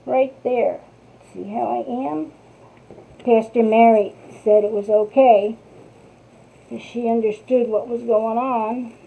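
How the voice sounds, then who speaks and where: A woman's voice: a little high, gravelly, warm tone, a little hiss or hum. A middle-aged woman with a North New Jersey accent, chatting in a rambling way as she hosts a craft tutorial and speaks to viewers. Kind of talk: casual chat while crafting. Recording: tinny phone-like sound.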